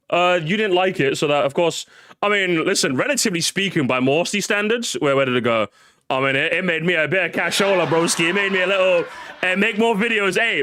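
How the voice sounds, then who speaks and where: A man streaming a reaction, joking sarcastically and swinging between loud outbursts and muttered asides. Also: sits high. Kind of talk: casual live-stream reaction.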